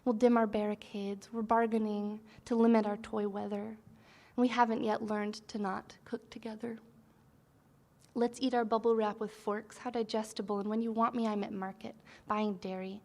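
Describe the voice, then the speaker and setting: A woman poet reading her own poems at a live event, in a soft, measured voice that sometimes drops to a whisper. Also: mid-range voice, level tone. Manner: soft, measured delivery, at times sinking into a whisper.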